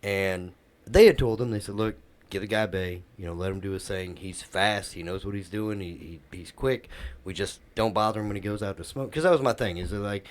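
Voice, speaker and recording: A man's voice: lowish voice, fairly quick. A middle-aged man, a podcast co-host, telling a workplace story in casual chat and acting out the quoted dialogue.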